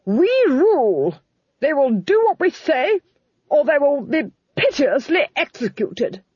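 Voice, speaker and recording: A woman's voice: sits high, big pitch swings, no room sound, voice pushed up, heavily acted. A woman voicing a cruel, imperious duchess with a scornful, commanding manner, in a dull lo-fi recording. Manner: scornful, commanding, drawn-out delivery.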